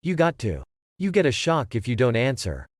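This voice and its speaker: A man's voice: medium pitch, wildly swooping pitch, normal speed, dry recording. A nervous male test subject who hesitates and pleads in plain, folksy words, as a man reading aloud voices him. The voice rises and falls freely. The recording is dry. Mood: uneasy, pleading. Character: anxious, reluctant middle-aged male test subject.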